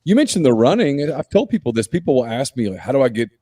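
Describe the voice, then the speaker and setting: A man hosting a sports podcast, talking in a relaxed, conversational way. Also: medium pitch, fast talker, hardly any pauses, husky, no room sound. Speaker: podcast host. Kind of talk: casual podcast talk.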